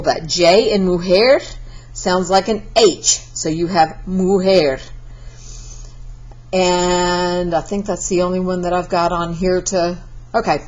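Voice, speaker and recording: A woman's voice: on the low side, a little mellow, dull audio. A Spanish teacher. She gives a recorded class lesson in a chatty, encouraging way and breaks into sung verses.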